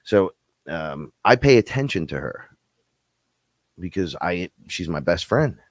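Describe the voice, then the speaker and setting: Deep-voiced man rambling in casual talk. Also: big pitch swings, unhurried, no echo. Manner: rambling storyteller, swears freely, acts out other people in high voices. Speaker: podcast co-host. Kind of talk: casual live-stream chat.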